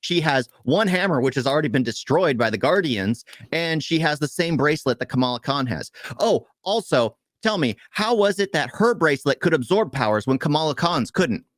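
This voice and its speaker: Exasperated man ranting, a bit high. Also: no room sound, studio quality. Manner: animated, exasperated, rapid complaining. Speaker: podcast co-host. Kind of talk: casual movie review rant.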